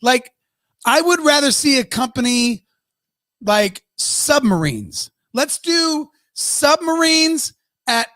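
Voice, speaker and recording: A man's voice: extremely high pitch, big pitch swings, slow pace, sharp tone, dry recording. Male podcast co-host, ranty and profane, bone-dry close mic. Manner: ranting, swears freely. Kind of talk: casual live-stream chat.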